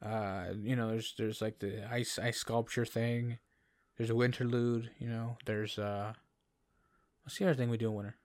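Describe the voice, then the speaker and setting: A young Canadian man with a mid-range, darkish voice co-hosts a podcast, chatting casually at a normal pace with little pitch movement. He rambles through stories, restarting often and laughing a lot, on a dry recording.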